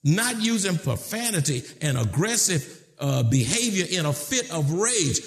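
A man preaching a sermon, moving from low, measured points to shouted, emphatic questions, with casual phrasing like "y'all". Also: sing-song. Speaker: pastor.

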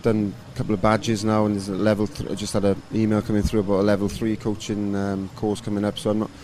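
Low, flat-voiced relaxed man. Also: fast talker, a little hiss or hum. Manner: relaxed, rambling with many fillers. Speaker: rugby coach and former player. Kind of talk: casual interview answers.

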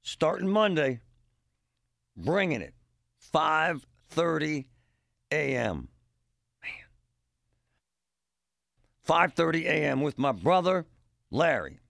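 Middle aged guy on talk radio, rough gravelly voice, bouncy pitch, goofs around. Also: sing-song, slow, long pauses, a bit bright, dry recording, clean studio sound. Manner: joking, rambling, emphatic with punchy exclamations. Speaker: radio show host. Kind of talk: casual talk-radio monologue.

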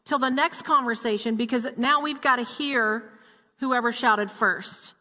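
A woman's voice: on the high side, a little slow, pushed and bright, in a large hall. A woman co-preaching a sermon, chiming in with affirmations and adding her own points. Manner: chimes in with affirmations. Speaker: co-pastor.

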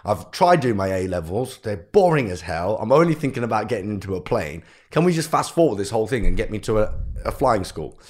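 A young man with a low voice tells his story as a podcast guest, bringing his parents and teachers to life as he quotes them. He speaks casually and with energy, and his voice swings up when the story gets lively. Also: a little fast, hardly any pauses. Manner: animated storyteller who acts out quotes of family. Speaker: guest entrepreneur.

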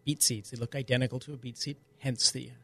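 A man's voice: mid-range voice, fairly even intonation, fast, gravelly, pushed and bright, slightly rough. A man co-hosting a radio gardening call-in show, explaining plants in plain, knowledgeable terms. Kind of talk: casual radio chat.

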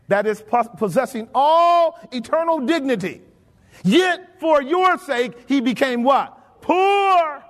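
A pastor preaching a sermon, asking his congregation questions and slipping into folksy, colloquial phrasing. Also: sits high. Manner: colloquial, drops into folksy grammar. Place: church sanctuary. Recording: long reverb of a church hall.

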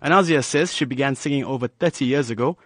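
A man's voice: medium pitch, fast talker, a bit bright, a little hiss or hum. Man reading an upbeat news feature. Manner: polished, upbeat feature delivery. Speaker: news reporter. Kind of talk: scripted news narration.

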